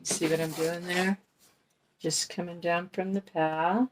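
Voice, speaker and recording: Slow, low-voiced woman crafting. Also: fairly even intonation, background noise. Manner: chatty, folksy, talks while working. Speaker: crafting channel host. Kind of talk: casual craft tutorial talk.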